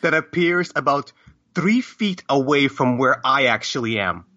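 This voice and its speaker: A man's voice: medium pitch, lively intonation, unhurried, bright, forceful tone. A man playing in a tabletop game, easygoing and self-deprecating. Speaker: player. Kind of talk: casual tabletop game chat. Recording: dull lo-fi mic with faint noise.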